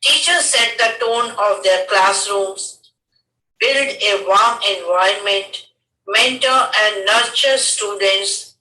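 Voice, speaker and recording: An older Indian woman, a retired school head, giving a measured lecture on teachers' duties in Indian English. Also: medium pitch, bright, forceful tone, roomy sound, recorded from a distance, poor audio. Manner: slow, measured, instructive list of dos and don'ts.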